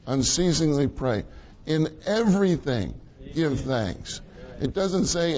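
A man's voice: on the high side, lively intonation, slow, darkish tone, highs cut off. A man preaching a sermon in a conversational way, often repeating his key phrases for emphasis.

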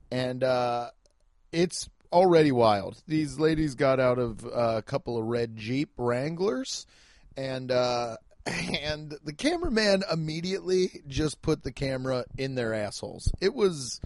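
A man's voice: mid-range voice, animated, a little slow, a little mellow, dry recording, studio quality. A man who is a stand-up comedian, chatting casually and self-deprecatingly on his podcast from home. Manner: rambling, jokey, self-deprecating.

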